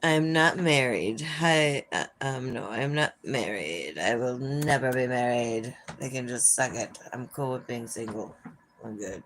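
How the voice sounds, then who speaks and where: A woman's voice: very deep voice, lively intonation, measured pace, slight background noise. A woman from Minnesota with a Minnesotan accent, chatting casually and sarcastically with viewers on a home livestream. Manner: chatty, sarcastic, frank with swearing. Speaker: livestream host. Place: at home by an open window.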